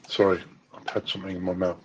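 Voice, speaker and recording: A man with a fairly low voice talks in an upbeat, emphatic way. The audio sounds dull and lo-fi. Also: a little hiss or hum. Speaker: speaker in a live audio space. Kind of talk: casual live chat.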